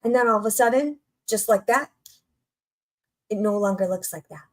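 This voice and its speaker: A middle-aged woman coach giving an energetic, conversational motivational talk, full of rhetorical questions and repetition. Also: medium pitch, moderate pace.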